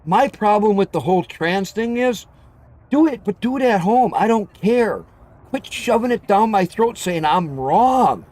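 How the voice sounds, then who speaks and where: High-voiced man ranting. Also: animated, unhurried, darkish tone. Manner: ranting, repetitive, blunt and profane. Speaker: livestream host. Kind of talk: heated open chat.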